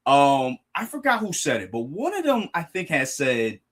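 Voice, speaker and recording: A young man live-streaming a reaction, talking excitedly, stumbling over words and thanking his chat. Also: mid-range voice, normal speed. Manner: excitable, restarts and apologizes, addresses chat. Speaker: streamer reacting to a manga chapter.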